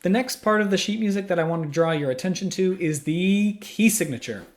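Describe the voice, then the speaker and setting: A music teacher gives a patient lesson in a small room, posing questions and then answering them himself step by step as he explains. His voice sits high and his delivery is brisk. The studio-microphone recording carries some background noise.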